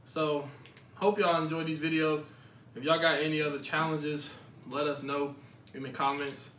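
A man's voice: fairly high pitch, flat delivery, normal speed, a bit bright, reverberant, far from the mic, a little hiss or hum. A man eating spicy noodles on camera, sweating and teary, complaining and coughing in casual chat. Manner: complaining, groaning, coughing through the heat. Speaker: YouTube vlogger. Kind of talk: casual challenge vlog chat.

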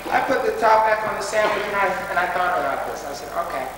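A man's voice: high-pitched, lively intonation, fast, noisy background. A man giving a dramatic personal storytelling talk to a school assembly, recorded from far off in a large hall. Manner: dramatic, rises to pleading shouts. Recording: distant echoey hall recording.

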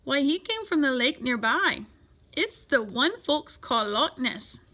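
A kindly, folksy old uncle from a storybook, slow and homely in his talk, as a woman puts him on. The voice is bright, with lively rises and falls. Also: high-pitched, full character voice.

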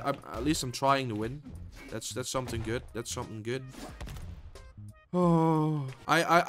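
A young man commentating his own gameplay, swinging between frustrated shouts and low muttering, swearing often. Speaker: gaming YouTuber.

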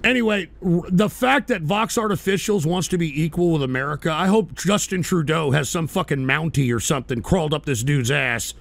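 A man rants through a talk radio show in a high, gravelly voice. He swears constantly and shouts at his listeners while reading out their paid messages. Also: a little fast, hardly any pauses. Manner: angry, loud, swearing, shouting at viewers. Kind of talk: profane political rant.

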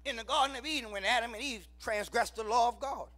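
A man with a Southern US accent preaching a sermon in church, calling out to the congregation, shouting lines and then dropping low. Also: fast talker. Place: church sanctuary.

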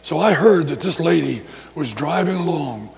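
A male pastor preaching in a church and telling his story with lots of repetition and quick restarts. His fairly high voice has a gravelly rasp, and a long hall reverb trails after his words. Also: expressive, a crowd in the background. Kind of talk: sermon.

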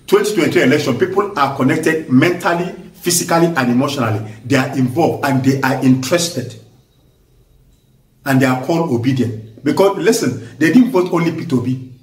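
A man with a Nigerian accent delivers fiery political commentary, pressing each point again and again with blunt force. His voice sits fairly high for a man. He sounds far from the mic in a room full of echo. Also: brisk. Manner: forceful, repetitive, emphatic, mixes in pidgin. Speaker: vlogger. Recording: echoey room, voice distant from mic.

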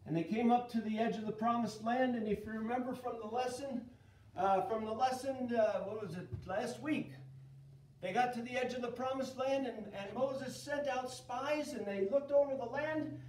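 A middle-aged man leading a children's Bible lesson, telling the story in a lively way and asking the kids questions. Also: very high voice, normal speed, slight background noise. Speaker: children's church teacher. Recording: echoey room, voice from a distance.

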